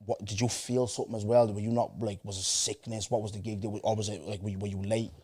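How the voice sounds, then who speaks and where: A man hosting a podcast, telling a story in slangy, animated casual chat. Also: on the low side, fast, breathy edge. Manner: slangy, animated, with restarts and asides. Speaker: podcast host.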